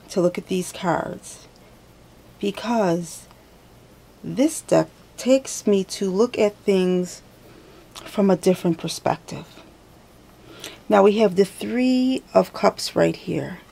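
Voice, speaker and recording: Woman, tarot reader, slow unhurried talk, gravelly edge, chatty, thinks aloud. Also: medium pitch, warm tone. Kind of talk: casual tarot reading to camera.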